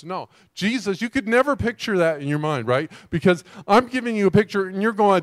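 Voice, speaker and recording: A male pastor delivers a sermon in an animated, emphatic way, keeping his listeners engaged with rhetorical questions. His voice sits a little high for a man, and the recording is dry and close-miked. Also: quick pace, hardly any pauses, no room sound.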